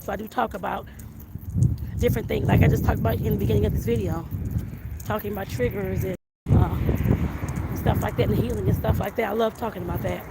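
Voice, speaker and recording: Woman, walking vlog outdoors, slightly breathless, rambling, gravelly edge, heavy outdoor noise. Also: mid-range voice. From southern Arizona. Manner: rambling, repeats "like I said" and "I guess I put it that way". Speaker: vlogger, home baker and life coach. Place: outdoors on a hot sunny street. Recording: loud street and wind noise.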